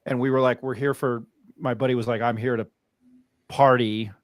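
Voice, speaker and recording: A man's voice: mid-range voice, steady tone, moderate pace, no echo. A man from New Mexico hosting a podcast, telling stories casually with many fillers and restarts. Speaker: podcast host. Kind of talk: casual chat.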